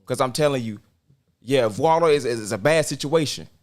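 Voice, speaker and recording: A man's voice: medium pitch, fairly quick. A man co-hosting a casual discussion, speaking with passionate, preacher-like emphasis. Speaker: podcast co-host.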